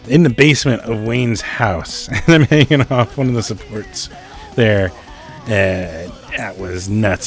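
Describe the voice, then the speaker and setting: Guy hosting his music show, low voice, swears and laughs a lot, soft music under him. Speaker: host. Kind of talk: casual podcast chat.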